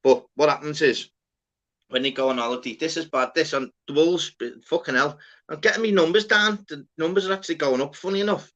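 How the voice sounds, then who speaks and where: A man's voice: a little high, fairly quick, a bit bright. A Scouse man from Liverpool, around his forties, telling blunt, sweary stories in casual panel banter. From Liverpool, England. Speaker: panel guest. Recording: lo-fi sound.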